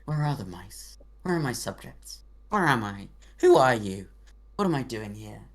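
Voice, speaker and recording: Tabletop mouse king, bewildered and bossy, gravelly and hushed, put on by the game master. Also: medium pitch, very animated, moderate pace. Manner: rambling, bewildered questions. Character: confused but authoritative small male mouse king.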